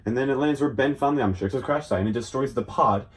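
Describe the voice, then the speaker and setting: A young man giving a silly, rambling comedic recap of a cartoon episode, with deadpan asides. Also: mid-range voice, fast talker. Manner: rambling, goofy, deadpan asides and sudden shouts. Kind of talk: silly comedic episode summary with quick voice impressions.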